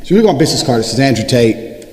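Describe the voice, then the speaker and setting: A man's voice: medium pitch, sing-song, rapid-fire. A man delivering an unscripted monologue to camera, boastful and profane, with a swaggering manner. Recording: echoey room with long reverb.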